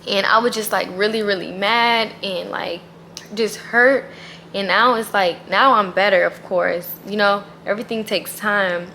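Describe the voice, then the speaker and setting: A woman's voice: mid-range voice, fairly even intonation, measured pace, bright, forceful tone, slight background noise. A woman vlogger talking casually and earnestly about her faith, emphatic and full of "like.". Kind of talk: casual faith vlog talk.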